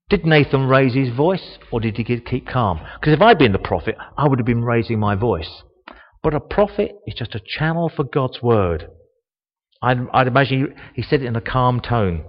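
A man giving a sermon, reading a Bible passage slowly and reflecting on it, growing louder on the quoted lines. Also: animated. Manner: slow, reflective, rises in pitch and volume on quoted speech. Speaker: preacher. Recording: dull, long reverb of a church hall.

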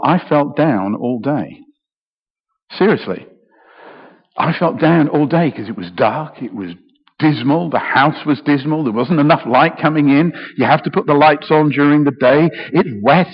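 A man's voice: a little high, lively intonation, normal speed, husky. A middle-aged British man preaching a sermon, emotional and passionate, often repeating words as he goes. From Britain. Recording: echoey hall, dull sound.

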